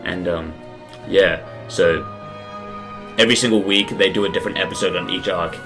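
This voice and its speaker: A man's voice: low voice, moderate pace, fairly bright tone, faint music behind. A young man chatting casually as a podcast co-host, slangy and swearing. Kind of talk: casual chat.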